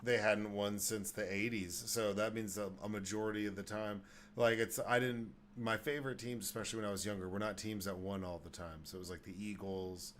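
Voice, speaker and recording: A man from Dallas hosts a casual podcast in a lowish voice, rambling through his points with frequent restarts and swearing. A faint hiss sits under the recording. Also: flat delivery, a little fast, fairly bright tone. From Dallas, Texas. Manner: rambling, profane, restarts often. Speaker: podcast host. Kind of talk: casual chat.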